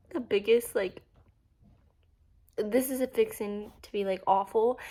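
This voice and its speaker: A woman's voice: mid-range voice, steady tone, a little slow, long pauses, warm tone. A young woman casually talking through a book she is reading, chatty and emotional, with lots of fillers. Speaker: book reviewer.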